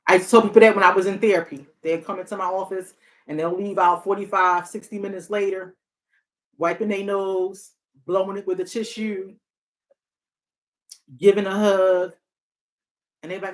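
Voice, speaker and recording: A woman speaking as a therapist and hotline counselor in a casual, reflective monologue. She talks earnestly and circles back on her key phrases to drive them home. Her pitch sits in the middle range for a woman. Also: steady tone, moderate pace, pauses often.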